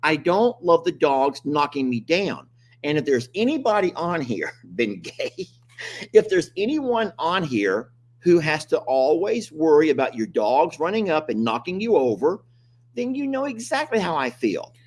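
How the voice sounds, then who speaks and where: A man's voice: on the high side, sing-song, measured pace. An older man, hosting a casual live-stream chat, joking and complaining animatedly. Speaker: host.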